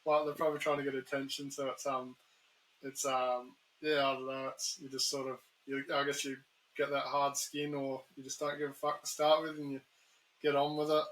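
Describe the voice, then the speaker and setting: A man with an Australian accent hosting a casual chat, easygoing and hesitant, often filling pauses with "um". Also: medium pitch, completely flat delivery, fairly bright tone, low-quality recording. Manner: easygoing, hesitant, many ums. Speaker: podcast host.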